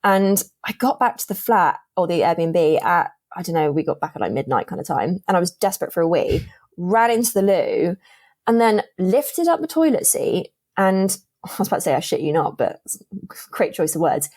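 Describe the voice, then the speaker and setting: As a guest on a podcast, a young woman tells a dating story in casual conversation, animatedly acting out what the people in it said. Her voice is lowish and her pace moderate.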